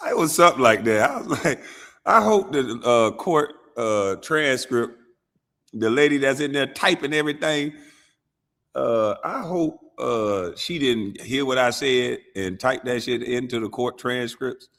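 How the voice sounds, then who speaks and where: A man hosting a show, talking in casual, animated and profane commentary. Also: medium pitch, measured pace. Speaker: show host.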